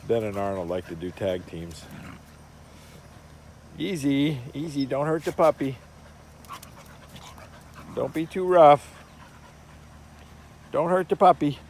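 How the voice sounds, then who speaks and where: A man filming his dogs outdoors in a yard, talking to them in a coaxing way and gently scolding their rough play. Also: medium pitch, lively intonation, takes it slowly, pauses often, a little hiss or hum. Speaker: dog owner filming his pets. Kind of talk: casual talk to pets.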